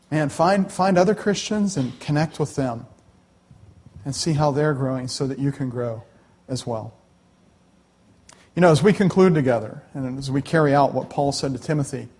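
A middle-aged man preaching a conversational sermon in a church sanctuary, folksy and animated, with joking asides to the congregation. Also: mid-range voice, slightly rough. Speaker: pastor.

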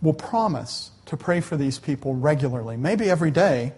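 A middle-aged man delivers a sermon from the front of a church sanctuary. His voice sits a little high and carries a husky, breathy edge. He talks in a folksy, animated way and drops easy jokes to the congregation. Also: normal speed. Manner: folksy, animated, joking asides. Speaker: pastor. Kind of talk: conversational sermon.

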